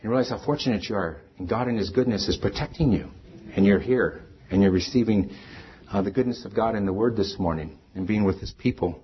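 A man's voice: fairly low pitch, a little fast, dull audio. A man preaching a sermon as pastor, earnest and rising to emphatic peaks.

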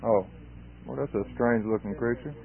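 A man's voice: medium pitch, moderate pace, gravelly, crowd noise. A man preaching an expository sermon, emphatic and repeating key phrases for weight. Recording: tinny phone-like sermon recording.

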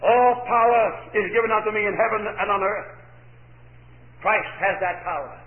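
Emphatic preacher, echoey lo-fi recording. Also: male voice, sits high, moderate pace. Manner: emphatic, rhetorical questions answered himself. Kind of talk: sermon.

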